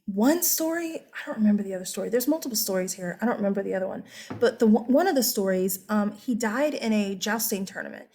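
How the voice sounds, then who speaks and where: A woman's voice: medium pitch, animated, fast, dark tone. A woman history teacher giving a casual, chatty lecture, correcting herself and asking her students questions.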